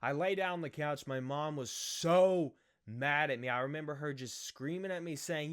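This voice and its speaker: A young man tells a childhood story straight to the camera, casual and lively. His voice sits a bit higher than most men's, and he laughs at himself as he acts out what the others said. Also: normal speed, clear, resonant tone. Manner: animated, self-mocking, acts out quoted voices. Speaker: vlogger.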